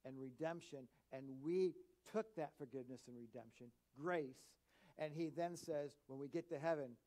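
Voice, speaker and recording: A man preaching a sermon as pastor in a church, animated, swinging between loud emphatic bursts and quiet asides. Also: medium pitch, moderate pace.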